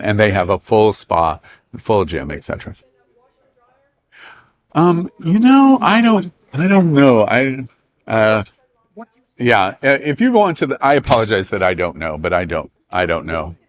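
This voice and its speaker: A man's voice: medium pitch, fairly bright tone. A man with a Southern US accent, hosting a travel club and briefing a group in a meeting room in a chatty, joking way.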